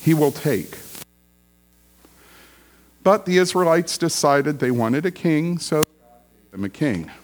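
A man's voice: on the high side, slow, pauses often. A male pastor preaching a sermon in a conversational, storytelling way, repeating key phrases for emphasis.

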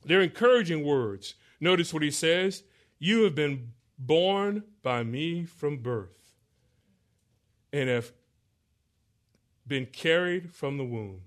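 A man preaching a sermon, reading scripture aloud and explaining it verse by verse, swinging between loud emphatic pleading and soft, low explanation. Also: lively intonation, slow, long pauses. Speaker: pastor.

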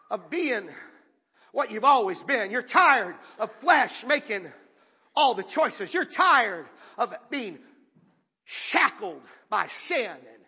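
A man, a pastor, preaching an impassioned sermon that rises to shouts and calls out to the congregation. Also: very high voice, breathy edge, long reverb tail. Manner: impassioned, rising to shouts with audience call-outs. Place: church sanctuary.

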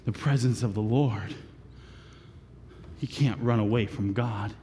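A man preaching a sermon, retelling a story theatrically and swinging between shouts and whispers. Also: on the low side, a little slow, long pauses, breathy edge. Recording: long reverb of a large room.

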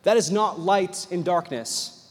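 A man delivers a sermon in a high, bright register. He tells the story in an animated way and voices the people in it as he goes. His words ring out with the long reverb of a large hall. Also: a little slow. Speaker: preacher.

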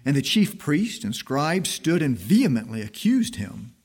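Man, husky, breathy voice, church scripture reading, slow and emphatic. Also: a little high, very animated, a little mellow. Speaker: scripture reader.

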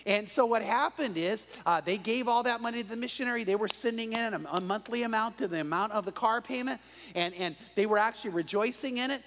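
A man with a notably high voice preaches an evening sermon, telling his stories with animation and tripping over restarts as he goes. His words ring out with a long reverb, as in a large church sanctuary. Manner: animated storyteller with frequent restarts. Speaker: pastor.

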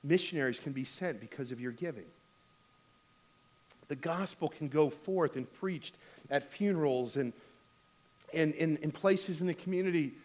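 A man's voice: sits high, darkish tone. A middle-aged man preaching a sermon as pastor, telling a funny family story and then urging giving with emphatic exhortation.

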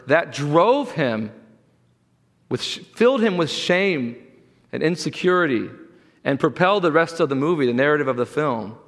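A man preaching a sermon as pastor, earnest, swinging from loud pleas to quiet, hushed lines. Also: on the high side, animated, unhurried, long reverb tail. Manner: earnest preaching, rising loud for quoted voices, dropping quiet.

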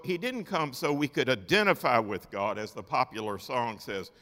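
Animated male preacher in a reverberant hall. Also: mid-range voice, measured pace, gravelly. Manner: emphatic, swings from loud declarations to quiet asides. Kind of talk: sermon.

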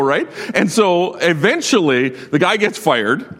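A man preaching a sermon, telling a story with lively swings between loud and hushed delivery and frequent laughter. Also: high voice, moderate pace, big-room sound. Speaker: pastor.

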